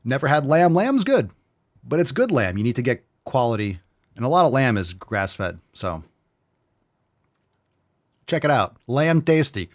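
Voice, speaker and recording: A man's voice: mid-range voice, sing-song, a little slow, pauses often. A man hosting a fitness show in casual livestream chat, brash and joking, swearing freely.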